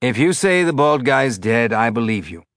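A man's voice: mid-range voice, sing-song, normal speed, a bit bright, no room sound, studio quality. A man voicing a wry alien machine that talks in a tinny voice with a Belter accent. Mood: dry. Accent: Belter (The Expanse). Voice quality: tinny, laconic drawl.

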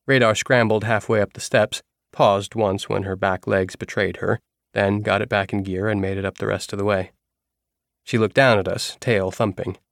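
A man narrates a novel in a low, even voice. The recording is close and dry, with no room sound. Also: moderate pace, gravelly, dry recording. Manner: even storytelling. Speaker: audiobook narrator. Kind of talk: scripted narration.

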